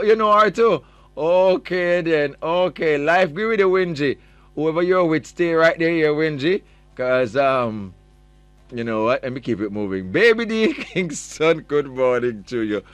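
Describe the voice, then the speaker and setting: A slightly bright, high-leaning male voice, recorded without echo, belongs to a morning radio host with a Jamaican accent. He teases listeners in good fun, reads their messages, and sprinkles patois through his English.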